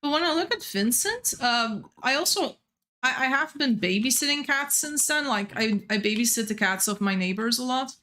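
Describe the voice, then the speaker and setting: Young woman, game streamer, rambling casual chat, bright tense tone, a bit high. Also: animated, moderate pace. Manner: rambling, chatty, laughs often. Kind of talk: casual chat while gaming.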